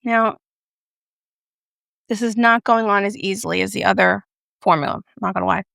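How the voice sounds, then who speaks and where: Woman, beauty vlogger, casual makeup review, playful and jokey, fry in the voice, dry close sound. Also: medium pitch, steady tone, normal speed, fairly bright tone, no room sound. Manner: playful, chatty, jokey asides.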